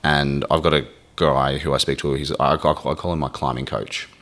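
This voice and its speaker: A man's voice: very deep voice, fairly even intonation, fairly quick, a bit bright. A man speaking candidly as a podcast guest, emotional and swearing freely, acting out his inner voice. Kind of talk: candid conversation.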